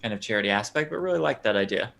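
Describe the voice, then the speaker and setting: A man's voice: fairly low pitch, lively intonation, very fast, gravelly, a bit bright. A man from the United States co-hosting a poker stream, wry and self-deprecating, reading chat comments aloud. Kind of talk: casual banter commentary.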